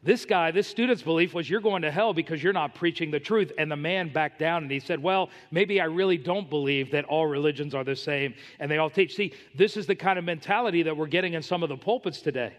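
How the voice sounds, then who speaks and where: A man's voice: a little high, brisk, few pauses, in a large hall. A man preaching a sermon as pastor, emphatic and telling stories to make his points.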